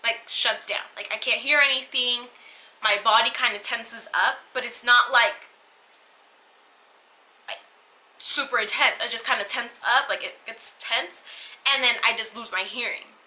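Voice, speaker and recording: A young woman talks straight to camera in a casual storytime vlog, retelling events in loose, rambling sentences. Her voice is very bright and sits a little high. She keeps circling back with fillers and restarts. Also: steady tone, unhurried, pauses often, low-quality recording. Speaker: vlogger.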